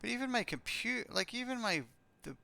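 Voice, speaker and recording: A man's voice: very high-pitched, lively intonation, fairly quick, vocal fry, bright, forceful tone. A man streaming a flight simulator, chatting casually and reading off checklists and radio calls. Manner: chatty, self-mocking, thinks aloud, reads off checklists. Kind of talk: casual live-stream commentary.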